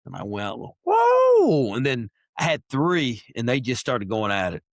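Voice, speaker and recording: Animated man telling hunting stories. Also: mid-range voice, moderate pace, dry recording, studio quality. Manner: animated storyteller, imitates owl calls. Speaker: podcast guest, wildlife biologist. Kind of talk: casual interview chat.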